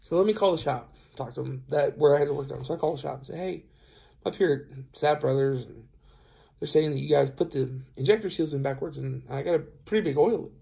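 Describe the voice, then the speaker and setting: A tired truck driver talks straight to his camera in a casual, rambling way. His voice is gravelly and dark, and it sits a little high for a man. He keeps acting out the back-and-forth of a conversation. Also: fairly quick. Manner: rambling, retells dialogue, many fillers. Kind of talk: casual storytelling vlog.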